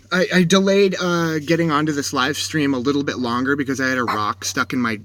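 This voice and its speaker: A man's voice: on the high side, a bit bright, slight background noise. A man livestreaming from inside a vehicle, telling a story in a rambling, shaky way, full of restarts and self-corrections. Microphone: dashboard camera.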